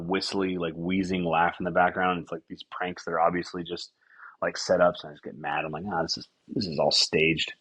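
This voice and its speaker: This podcast host has a voice that sits low, and he rambles through a casual comedic monologue full of swearing and animated, acted-out quotes.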